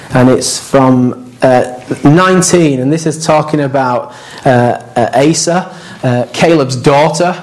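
A man preaching a sermon as pastor, in a conversational, anecdotal way with quoted asides. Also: medium pitch.

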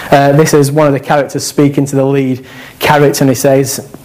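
A man delivers a sermon in a relaxed, conversational way. He is animated and jokes with the listeners as he goes. His voice sits at an ordinary middle pitch for a man. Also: fairly quick, slight background noise, low-quality recording. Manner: conversational, animated, with laughs and asides. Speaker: preacher.

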